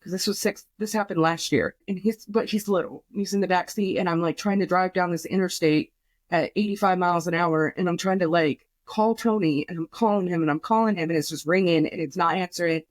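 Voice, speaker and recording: A woman's voice: fairly low pitch, a little fast, no echo. A young woman on a podcast, telling an emotional personal story in a rambling way, full of fillers and swearing, quoting herself. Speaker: podcast guest.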